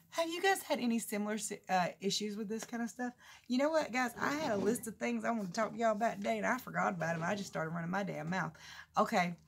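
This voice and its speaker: Woman, 40s, gravelly, talkative vlogger, rambling and laughing. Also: quick pace, slight background noise. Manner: chatty, rambling, laughs a lot, mimics others in high voices. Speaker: keto vlogger. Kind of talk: casual chat to camera.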